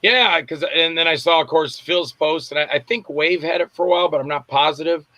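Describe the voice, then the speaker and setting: Bright-voiced man telling rambling stories. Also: on the high side, brisk, no echo. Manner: rambling, often gropes for names. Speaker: film director, interview guest. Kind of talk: casual interview storytelling. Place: lives in Tampa.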